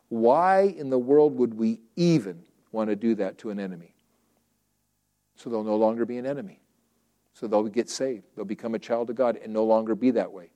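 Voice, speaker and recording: A man's voice: fairly low pitch, normal speed, mellow. A man preaching a sermon in a conversational way, acting out quoted prayers and objections and often restarting phrases.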